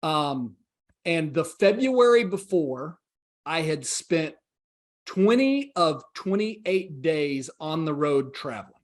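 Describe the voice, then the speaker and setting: A man's voice: on the high side, big pitch swings, slow. A man in his forties, a podcast guest telling his story in an earnest, reflective way and acting out the dialogue he quotes. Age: 40s.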